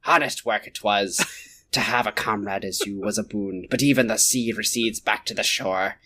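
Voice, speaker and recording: A man voicing a sentimental old male pirate in an old-timey seafaring way of speech, pitched lower than his usual voice. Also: moderate pace, sharp tone. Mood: wistful.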